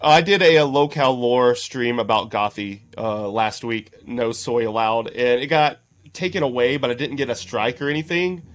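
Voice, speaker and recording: A chatty man at a medium pitch and normal pace reacts casually to clips on a live stream. He frequently laughs and calls out names from the chat, greeting viewers individually.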